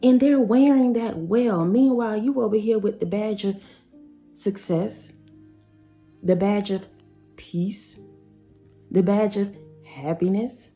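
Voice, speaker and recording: A woman delivers a spiritual reading in an emphatic, preachy way, stretching her words out for effect. Her voice is mellow and warm, with faint music playing underneath. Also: mid-range voice. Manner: emphatic, preachy, drawn-out phrases. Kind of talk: spiritual reading commentary over song lyrics.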